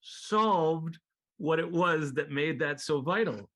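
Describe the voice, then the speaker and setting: Animated, high-voiced male interview guest. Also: takes it slowly. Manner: animated storyteller, acts out quotes in high voices; laid-back and profane, laughs often. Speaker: guest musician. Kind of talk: casual interview chat.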